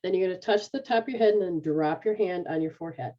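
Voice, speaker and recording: Low-voiced woman guiding a healing session. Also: fast, lo-fi sound. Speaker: energy healer leading a live session. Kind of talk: guided healing session, casual.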